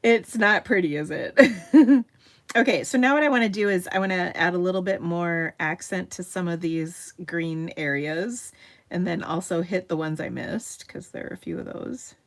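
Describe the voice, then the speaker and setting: A woman's voice: fairly low pitch, moderate pace. A middle-aged woman hosting a painting tutorial in a chatty, self-deprecating way, laughing often. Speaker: craft tutorial host. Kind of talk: casual painting demonstration.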